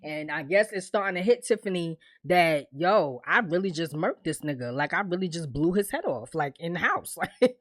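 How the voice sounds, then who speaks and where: A young woman vlogger, recapping a TV episode in a casual, animated way and acting out the characters' lines. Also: lowish voice, normal speed, no echo. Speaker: vlogger reviewing a TV series.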